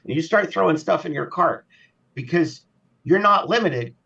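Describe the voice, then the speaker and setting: A man's voice: a little high, animated, moderate pace, gravelly, pushed and bright, distant mic, muffled recording. A man speaking as a guest on a podcast, talking casually and animatedly, acting out shoppers in little voices. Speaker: podcast guest, payments specialist.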